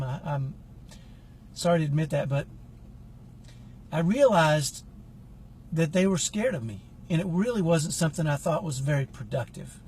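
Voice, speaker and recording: A man's voice: on the high side, darkish tone, a little hiss or hum. A middle-aged man telling a personal story in a casual, earnest, reflective way as a parenting coach. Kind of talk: casual talk to camera.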